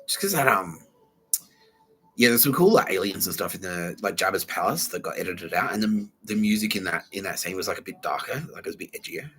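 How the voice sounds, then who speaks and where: A young man rambles through a solo podcast episode, loose and slangy, with swearing and laughs in his talk. His voice sits a little low but sounds bright and forward. A faint hum of room noise sits under it. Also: animated, brisk. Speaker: podcast host.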